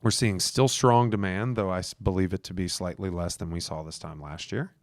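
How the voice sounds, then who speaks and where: A man's voice: sits low, fairly even intonation, brisk, no room sound, studio quality. A man hosting a podcast, coaching real estate agents in a casual, emphatic way. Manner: emphatic, coaching listeners directly. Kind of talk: casual advice talk.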